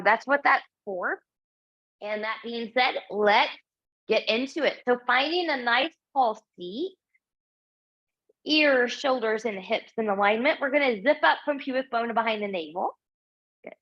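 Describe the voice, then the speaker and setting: A woman guiding a yoga class in a calm, encouraging way, leaving pauses between cues. Her voice sits a little high. The recording has a slightly dull, lo-fi quality. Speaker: yoga instructor. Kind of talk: guided yoga class instruction.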